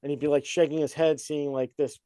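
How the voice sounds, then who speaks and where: A man's voice: on the high side, little pitch movement, a little fast, mellow, no room sound. A man hosting a casual chat, rambling with many fillers and frequent laughs. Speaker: podcast host.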